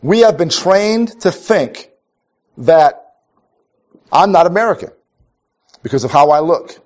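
A man's voice: fairly high pitch, expressive, a little slow, a little mellow. A man from Minnesota preaching a conversational sermon, telling stories wryly and often restarting his sentences. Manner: storytelling, wry, restarts often. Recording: dull lo-fi recording.

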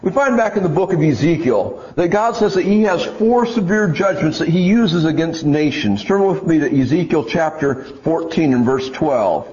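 A man's voice: a little high, lively intonation, normal speed, few pauses, a little mellow. A man preaching a sermon and reading scripture aloud, earnest and often restarting his words. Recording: dull lo-fi recording.

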